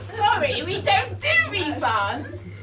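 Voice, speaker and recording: A woman's voice: extremely high pitch, big pitch swings, takes it slowly, very noisy, full character voice. A woman playing a cheeky witch in an amateur pantomime, cracking jokes and refusing refunds. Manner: cheeky, joking. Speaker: pantomime performer. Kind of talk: amateur pantomime stage acting. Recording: echoey hall from far off, loud audience.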